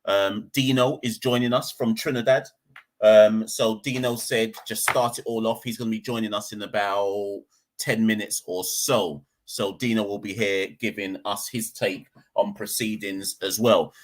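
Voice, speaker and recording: A man hosting a live podcast from home, chatty and rambling, low on energy and exasperated. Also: fairly even intonation, measured pace. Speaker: podcast host. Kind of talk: casual live-stream chat. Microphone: desk microphone, unplugged at first.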